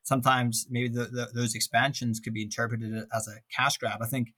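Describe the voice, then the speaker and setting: A man's voice: mid-range voice, fairly quick. Chatty man co-hosting a podcast. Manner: relaxed, thinks aloud with many restarts. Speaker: podcast co-host. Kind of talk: casual chat.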